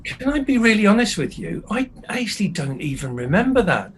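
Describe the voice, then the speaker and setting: Older man, host, fairly high voice, joking and self-mocking, casual chat. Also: very animated, a little fast, slight background noise, low-quality recording. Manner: jokey, self-deprecating. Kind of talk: live online interview chat.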